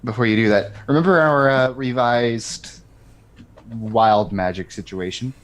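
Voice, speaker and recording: Man, tabletop player, brisk rules explainer, middle pitch. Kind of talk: casual tabletop play chat.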